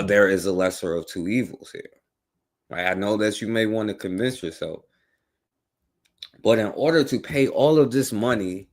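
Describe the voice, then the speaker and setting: A man with a lowish voice hosts a talk radio show. He comments on politics casually and keeps tossing rhetorical questions at the listener. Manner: conversational, rhetorical, many "right?" and "you know what I'm saying".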